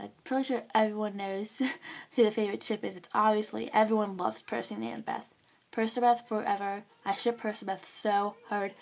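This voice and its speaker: Teen girl, excitable vlog book reviewer, filler-heavy, chatty. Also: medium pitch.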